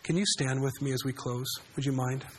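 A man's voice: mid-range voice, fairly even intonation, a little fast, a little hiss or hum. A man preaching a sermon in a conversational way, often asking his congregation questions. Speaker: pastor.

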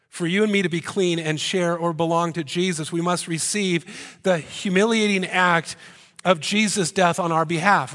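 A man preaching to a congregation in a fairly high voice, the sound ringing out with a long hall reverb. He keeps the sermon conversational, asking the room questions and dropping in quick jokes. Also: fairly bright tone. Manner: conversational, joking asides and rhetorical questions. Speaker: pastor. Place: church hall before a congregation.

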